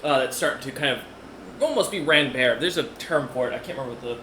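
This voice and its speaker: A man's voice: mid-range voice, animated, fairly quick, sharp tone, echoey room, a little hiss or hum. A man narrating as game master of a tabletop game, rambling with many fillers and restarts.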